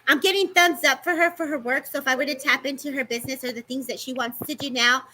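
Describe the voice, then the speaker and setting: A woman giving a live-streamed psychic reading, talking fast and affectionately to the people she reads, calling them baby and babes. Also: high-pitched, steady tone, pushed and bright, a little hiss or hum, poor audio. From California. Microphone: live-stream microphone.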